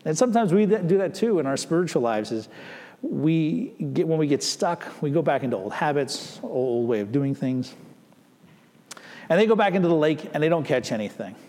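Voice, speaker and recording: A man's voice: a little high, very animated, moderate pace, mellow, big-room sound. A man preaching a sermon as a pastor, speaking conversationally and acting out the people in the story. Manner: conversational, acting out quoted voices.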